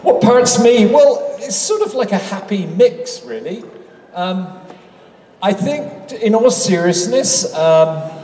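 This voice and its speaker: A British-accented man from England in his sixties, appearing as a guest actor on a convention panel, handles fan questions with self-deprecating humor. His high-sitting voice is sing-song and mellow, and he speaks slowly. Recorded from a distance and off-mic, his voice echoes through a large convention hall.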